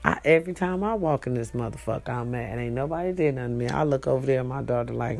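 Woman, gravelly, dark-toned, blunt profane vlogger. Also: extremely low pitch, fast talker, few pauses. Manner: profane, blunt, animated preaching. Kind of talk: casual advice rant to viewers.

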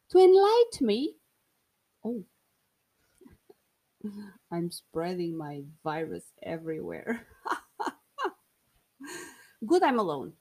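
Portuguese woman vlogger, unhurried, jokey and giggly, mid pitch. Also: a little mellow. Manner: playful, jokey, laughs often. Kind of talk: casual solo monologue.

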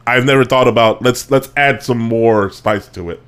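A man's voice: medium pitch, normal speed, a bit bright, clear, resonant tone. Easygoing slangy man. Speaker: podcast co-host. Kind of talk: casual crude banter among friends.

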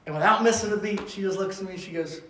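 A man preaching a sermon as an evangelist, fervent, rising to loud bursts and then dropping soft. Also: high voice, very fast. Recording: echoey room.

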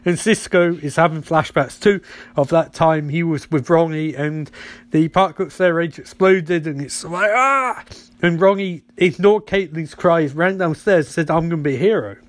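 A man's voice: a little high, normal speed. A man giving a sarcastic comedic recap of a TV episode, slipping into silly voices.

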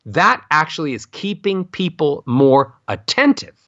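Middle-aged vocal coach guy, lively bright voice, pitch goes all over, dry and a bit dull sounding. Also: unhurried, dry recording. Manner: animated, swoops pitch up and down to demonstrate melody. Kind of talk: expressive instructional talk with sung-like demonstrations.

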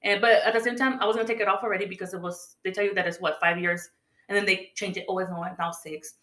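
A woman's voice: mid-range voice, steady tone, fast talker, fairly bright tone. A woman in casual podcast chat, telling stories in a chatty way and acting out the voices of people she quotes. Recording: echoey room.

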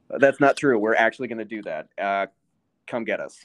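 A man co-hosting a podcast, chatting with dry, wry humor and quick laughs. His voice sits very low, and the sound is close and dry with no room around it. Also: no room sound. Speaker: podcast co-host. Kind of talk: casual chat.

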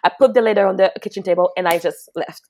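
A young woman tells a personal story in loose, casual chat, cursing freely and restarting her sentences. She drops to a hush, then bursts out laughing. Her voice sits at an ordinary middle pitch. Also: fast. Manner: loose, profane, rambling with many restarts; swings between hushed and loud laughing.

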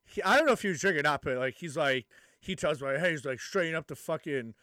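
A man's voice: on the high side, expressive, fast talker, pushed and bright, no echo, studio quality. Laughing, profane young guy telling stories. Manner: profane, laughing storyteller, acts out quotes. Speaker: podcast co-host. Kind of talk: casual chat.

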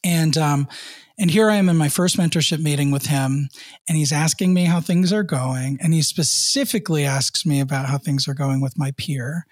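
A man in his thirties, co-hosting a podcast, telling a personal work story in an earnest way, with many fillers and soft laughs. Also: on the high side, normal speed, dry recording, studio quality. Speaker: podcast co-host.

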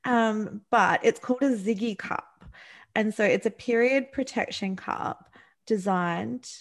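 A woman's voice: medium pitch, measured pace. A woman co-hosting a podcast, chatty and giggly, reading a listener's letter. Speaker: podcast co-host. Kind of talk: casual chat, reading listener mail.

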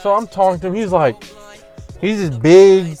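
A man's voice: high voice, moderate pace, soft background music. A young man telling a story about his job as a casual, profane rant, acting out the people he quotes. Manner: profane, animated, restarts and acts out quoted lines.

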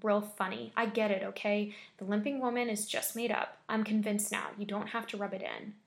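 A woman's voice: mid-range voice, fairly even intonation, moderate pace, roomy sound, natural voice. A woman voicing a frightened, earnest teenage girl who gives serious, urgent warnings in a storybook reading.

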